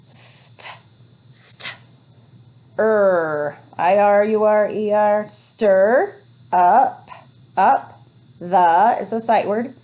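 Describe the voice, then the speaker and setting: A woman teacher leading a phonics lesson for young children, reading words slowly and encouragingly. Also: mid-range voice, warm tone. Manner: slow, encouraging, drawn-out reading.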